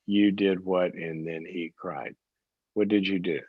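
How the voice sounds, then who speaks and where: A man's voice: low voice, fairly even intonation, measured pace, dry recording, narrow, tinny audio. A man hosting a call-in advice show, coaching a caller in a direct way and acting out parents and kids in short bursts. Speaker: call-in show host, psychologist.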